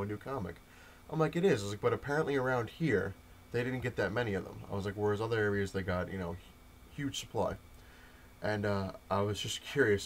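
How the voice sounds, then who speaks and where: A young man with a lowish voice tells a rambling story, packed with fillers and quoted back-and-forth. A faint hum sits under the recording. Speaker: comic collector vlogger. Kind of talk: casual update rant to camera.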